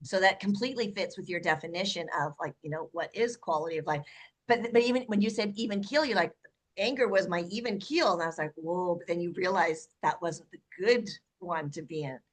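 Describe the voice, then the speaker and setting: A woman's voice: on the low side, a little fast. A woman hosting a casual interview chat, bubbly and enthusiastic, often using "like" and "right?". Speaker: host.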